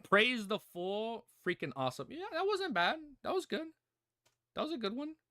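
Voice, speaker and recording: A man hosting a livestream reaction, chatting excitedly with viewers and his puppy. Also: very high voice, moderate pace. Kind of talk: casual livestream reaction chat.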